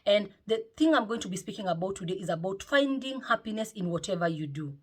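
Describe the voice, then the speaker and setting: A middle-aged woman, chatting to camera from home in a lively vlog, often tagging her sentences with "eh?". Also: medium pitch, quick pace. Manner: lively and chatty, with frequent "eh?" tags. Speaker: motivational vlogger. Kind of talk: casual chat to camera. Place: home, indoors.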